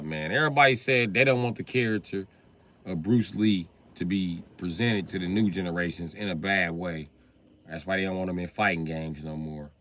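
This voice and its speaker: Animated, profane man ranting on stream. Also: on the low side. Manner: animated, profane ranting, laughs at his own jokes. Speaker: livestream host. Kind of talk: casual livestream chat.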